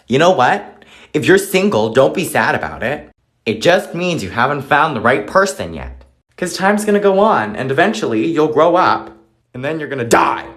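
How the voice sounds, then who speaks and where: A man's voice: a little high, a bit bright. A young man delivering a profane, exaggerated comedic rant monologue.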